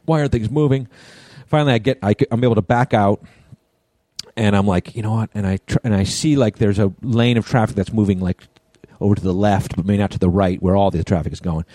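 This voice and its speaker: Male podcast co-host, low mellow voice, profane animated storyteller. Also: quick pace, no room sound. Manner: profane, animated storyteller acting out both sides of a quarrel. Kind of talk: casual storytelling chat.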